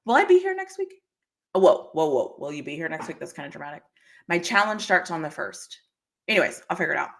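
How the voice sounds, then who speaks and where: A woman's voice: sits low, big pitch swings, fast, gravelly. A woman hosting a casual livestream, chatting freely, often laughing and answering comments from the chat. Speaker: livestream host.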